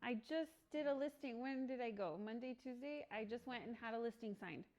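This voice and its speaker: A woman's voice: fairly high pitch, brisk, darkish tone. Chatty woman teaching a workshop. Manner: chatty, laughs often, acts out little dialogues. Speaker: real estate agent leading a training session.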